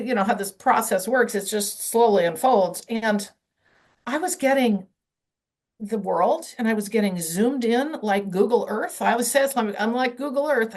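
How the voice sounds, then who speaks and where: A woman guest on an interview, telling her story in a casual, animated way with lots of "you know" fillers. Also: mid-range voice. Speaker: guest, past life channeller.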